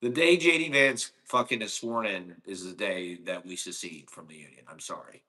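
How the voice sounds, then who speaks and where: Profane ranting man, bright voice. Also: low-pitched, normal speed. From Ohio. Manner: profane, sarcastic, rambling. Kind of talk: casual ranting monologue.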